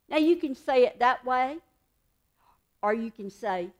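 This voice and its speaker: A woman's voice: high-pitched, animated, a little slow, long pauses. A woman giving a devotional teaching in an earnest, conversational way, repeating key points for emphasis. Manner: emphatic repetition. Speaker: Christian speaker.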